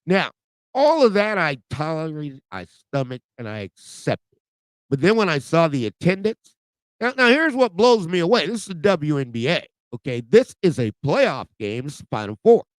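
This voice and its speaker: Podcast host, male, impassioned sports monologue, lively swings in pitch, smooth clear tone, dry close sound. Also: normal speed, no room sound, rough recording. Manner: passionate, emphatic, repeats "okay?" and "right?".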